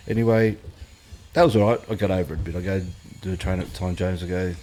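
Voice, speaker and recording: A man's voice: low-pitched, steady tone, fast talker, dark tone, a little hiss or hum. A middle-aged Australian man, a former fighter, chatting on a podcast in a blunt, sweary way and acting out quotes as he tells stories. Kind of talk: casual podcast chat.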